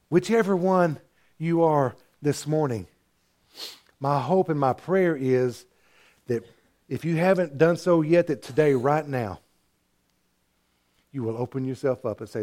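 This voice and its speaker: Animated preaching pastor, a man. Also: a little high, unhurried, pauses often. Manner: animated storytelling, acting out characters. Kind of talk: sermon.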